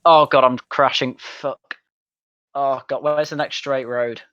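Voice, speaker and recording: A young man chats while gaming, blunt and sweary with a mocking edge. His pitch sits in the middle. The sound is dull and dry, like a close home mic. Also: fairly even intonation, unhurried, fairly bright tone, dry recording. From Manchester, England. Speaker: streamer. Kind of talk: casual chat while gaming.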